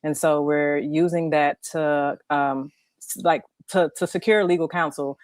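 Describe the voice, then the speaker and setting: A woman who is a guest on a livestream talk show, speaking in a measured way with frequent ums. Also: low voice, dry recording. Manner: measured, even, many ums.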